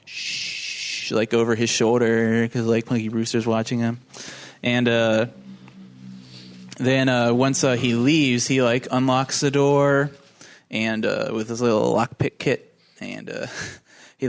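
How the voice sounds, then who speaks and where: A man on a casual podcast, retelling a film plot in a rambling way, laughing often, swearing and acting out lines. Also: medium pitch. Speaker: podcast co-host. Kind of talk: casual movie recap chat.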